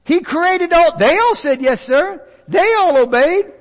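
Animated high-voiced preacher in a hall. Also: male voice, a little slow. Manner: animated, folksy, acts out voices of others. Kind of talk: sermon. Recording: long reverb of a large hall.

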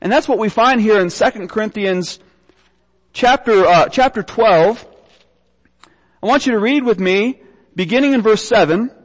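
A man's voice: high-pitched, moderate pace, pauses often, in a large hall, poor audio. A young man preaching a sermon, earnestly reading scripture aloud and often repeating his words. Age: young adult.

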